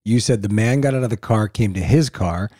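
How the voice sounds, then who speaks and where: A middle-aged man co-hosting a relaxed talk, recounting family mishaps with animated impressions. His voice is warm and mellow, recorded close and dry. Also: on the low side, a little fast, no room sound. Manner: animated storyteller, mimics family members. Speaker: podcast co-host. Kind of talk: casual chat.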